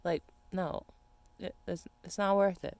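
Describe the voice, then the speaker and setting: Venting young woman, lowish dry voice. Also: fairly even intonation, a little slow, darkish tone, no room sound. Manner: frustrated, profane, venting rant. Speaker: vlogger. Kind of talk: casual ranting monologue.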